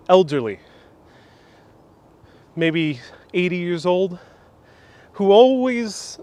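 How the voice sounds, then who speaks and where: A man hosting an outdoor tour, retelling a folk legend in a lively, casual way, recorded outdoors on a small wireless clip-on mic. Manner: lively, casual retelling with pitch swings and fillers. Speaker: tour guide host. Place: outdoor sculpture park.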